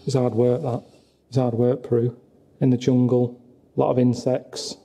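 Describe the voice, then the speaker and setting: A man moaning in a deadpan, glum way about his travels, talking to camera and to his friends. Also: medium pitch, moderate pace, husky. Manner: glum, grumbling, deadpan complaints. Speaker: travelling presenter. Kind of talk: documentary monologue and chat. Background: music.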